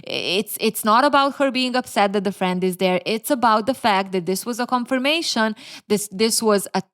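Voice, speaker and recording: A woman's voice: a little high, normal speed, a bit bright. A woman giving opinionated commentary in an emphatic manner, with sassy asides. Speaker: video commentator.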